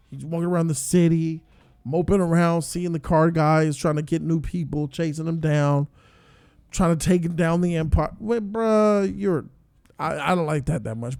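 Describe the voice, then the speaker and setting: A man giving a casual spoiler review, excitable and profane, breaking into loud outbursts. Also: on the high side, gravelly, no echo, studio quality. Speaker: show reviewer.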